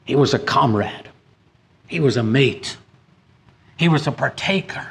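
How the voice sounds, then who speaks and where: A man delivers a sermon at a middling pitch, reading scripture passages aloud. He climbs emphatically on key points and sometimes stumbles into restarts. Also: measured pace, creaky, pauses often, a bit bright. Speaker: preacher.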